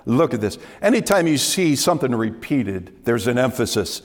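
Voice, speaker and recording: A man preaching a sermon to his congregation in an emphatic way, repeating key phrases and dropping to a hush. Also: mid-range voice, very animated, normal speed, gravelly, few pauses. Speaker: pastor. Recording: long hall reverb.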